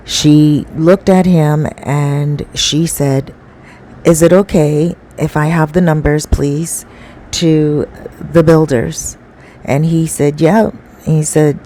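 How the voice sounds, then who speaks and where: A woman with a somewhat low voice tells a story casually. She rambles in a chatty way, with many fillers and asides. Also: darkish tone, rough recording.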